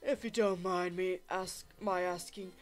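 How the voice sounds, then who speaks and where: Smug, cruel old man, slow and taunting, put on by a woman reading a visual novel, faint music behind. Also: on the low side, fairly even intonation, close to an everyday voice. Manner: slow, taunting, polite menace. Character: smug cruel older man, calm and mocking.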